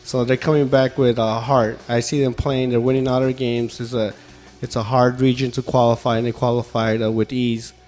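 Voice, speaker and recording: Animated man chatting about soccer. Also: medium pitch, moderate pace, soft background music. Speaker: podcast co-host, soccer pundit. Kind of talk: casual chat.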